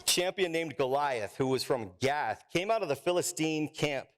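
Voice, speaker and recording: Male pastor, fairly high voice, playful sermon with live crowd work and running jokes. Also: expressive, normal speed. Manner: playful, jokey, lots of restarts and asides. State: out of breath. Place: church sanctuary.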